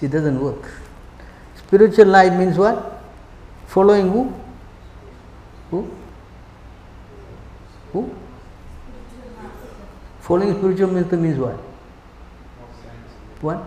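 High-voiced man preaching in an echoey hall. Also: darkish tone. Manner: emphatic, keeps quizzing listeners with rhetorical questions. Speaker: spiritual teacher giving a class. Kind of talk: sermon. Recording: echoey hall with long reverb.

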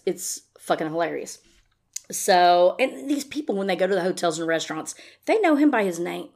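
A woman's voice: on the low side, a little mellow. A woman podcast host giving a casual recap, sarcastic and profane.

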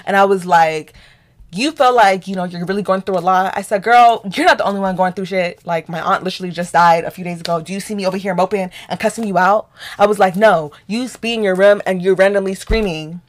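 A young Nigerian woman co-hosts a podcast and tells a story in casual chat, playing both sides of a quarrel in an animated, profane way. Her voice sits in the mid-range, and she talks fast.

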